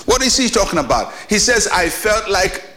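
A man's voice: sits high, sing-song, moderate pace, pushed and bright. A man preaching a short devotional sermon as a pastor, earnest and emphatic, with repeated phrases and questions to the listener.

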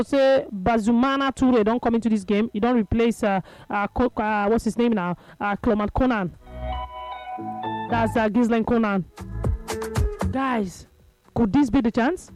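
A woman calls a live football match for radio in a high, bright voice. She thinks aloud between plays and jumps to excited shouts when the action heats up. Faint music sits under her voice.

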